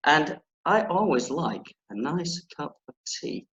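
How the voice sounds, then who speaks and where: A primary school teacher leads an online reading lesson for children, joking playfully before reading a story aloud with expression. His voice is a little high and sing-song, bright and forceful, and he takes his time. The room sounds echoey.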